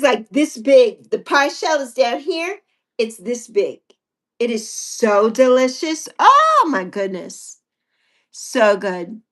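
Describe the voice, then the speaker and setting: A woman's voice: on the high side, a bit bright. A woman in her sixties hosting a casual livestream chat with viewers, playful and teasing. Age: 60s. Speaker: livestream host.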